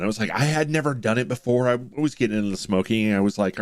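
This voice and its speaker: A man's voice: lowish voice, fast talker, dry recording. A young man hosting a reaction video, chatting casually and laid-back, often restarting his sentences. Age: young adult.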